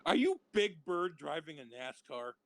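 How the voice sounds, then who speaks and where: A man's voice: a little high, sing-song, measured pace, fairly bright tone, dry recording. A man playing the party host in an improv game, throwing out incredulous guesses about his guests. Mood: guessing. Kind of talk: improv comedy.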